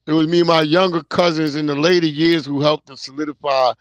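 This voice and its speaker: A man's voice: a little high, steady tone, a little fast, no echo. A man, telling a loose, profane story in casual chat on a podcast. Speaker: podcast co-host.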